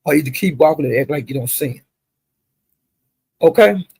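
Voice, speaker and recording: Man, gossipy stream host, raspy fry, slightly high voice. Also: lively intonation, moderate pace, darkish tone, dry recording, poor audio. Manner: gossipy, drawling, addresses chat directly. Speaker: commentator recapping livestream drama. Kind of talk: casual chat to a livestream audience.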